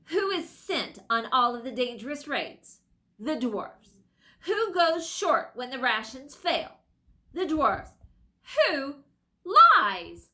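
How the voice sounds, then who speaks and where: A woman's voice: high-pitched, big pitch swings, sharp tone, pitched above the performer's own voice, full character voice. A woman voicing a bitter, angry male dwarf who speaks coldly and snaps. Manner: cold, snapping, slow and heated.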